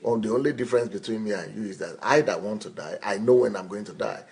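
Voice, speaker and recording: A man's voice: lowish voice, fast, creaky, darkish tone. A man in his fifties, a pastor speaking bluntly and insistently in a live question-and-answer talk. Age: 50s.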